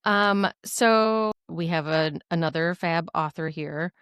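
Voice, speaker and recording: A woman's voice: on the low side, slow pace, a bit bright, clear, resonant tone, no echo. Bubbly, giggly woman podcast co-host, chatty, dry close mic. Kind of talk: casual chat.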